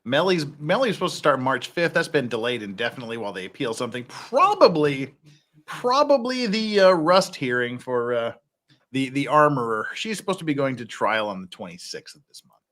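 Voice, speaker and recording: A male host reads court filings in a wry, casual way. His voice is bright and lively, with a lot of rise and fall. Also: medium pitch, a little fast. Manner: wry, reads documents aloud with jokey asides. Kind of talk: casual legal commentary.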